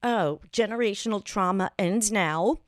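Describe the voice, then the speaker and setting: A middle-aged woman co-hosting a podcast, chatting in an animated, playful, self-mocking way. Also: mid-range voice, a little slow, no room sound, studio quality. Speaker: podcast co-host. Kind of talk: casual chat. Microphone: podcast mic.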